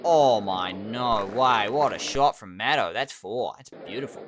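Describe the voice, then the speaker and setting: A young man giving excitable, animated play-by-play commentary over a cricket management game. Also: lowish voice, unhurried, background noise. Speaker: gaming channel host.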